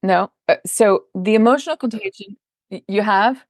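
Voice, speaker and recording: A woman's voice: medium pitch, normal speed, darkish tone, no echo, clean studio sound. A middle-aged woman, a parenting coach and podcast guest, talking in an emphatic, explanatory way in a conversational interview. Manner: emphatic, explanatory, acts out quoted voices.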